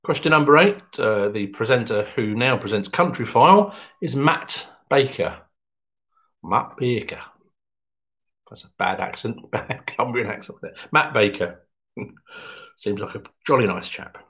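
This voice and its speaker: A man's voice: expressive, unhurried, fairly bright tone. Chatty quiz host, man. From England. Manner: chatty, jokey, pitch jumps up when announcing. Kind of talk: online quiz hosting.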